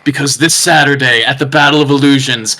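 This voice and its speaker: A man playing a boastful heel wrestler, a thieving bandit, cutting an improvised wrestling promo with shouted threats. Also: mid-range voice, fairly even intonation, brisk, natural voice, poor audio. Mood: trailer-style grandiose.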